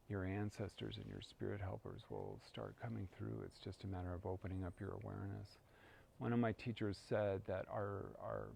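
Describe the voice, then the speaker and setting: Man, gravelly, low, calm, reflective, chanting prayers, guided practice. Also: a little hiss or hum. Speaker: spiritual practice teacher. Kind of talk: guided prayer and personal story.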